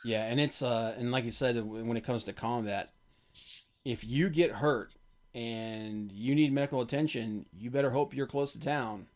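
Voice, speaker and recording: A man hosting a podcast, talking about tabletop games in a halting, low-key way. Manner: halting, many fillers and restarts, low-key. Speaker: podcast host.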